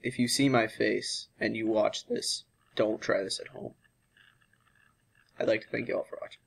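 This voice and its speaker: A man's voice: on the low side, steady tone, moderate pace, vocal fry. A young male vlogger doing a sugar challenge, worn out and dramatic, coughing and complaining between words. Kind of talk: casual vlog.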